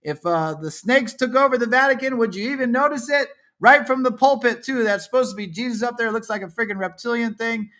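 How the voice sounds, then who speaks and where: A man hosting a livestream, commenting on shared images and swinging between low muttering and angry yelling, with a lot of swearing. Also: brisk, hardly any pauses. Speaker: livestream co-host.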